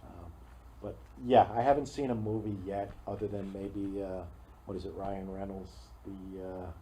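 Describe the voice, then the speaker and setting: Mellow low-voiced male guest. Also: steady tone, normal speed, rough recording. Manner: hesitant, many fillers and restarts. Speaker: guest, former police officer. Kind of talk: casual interview chat. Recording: faint noise, local TV studio.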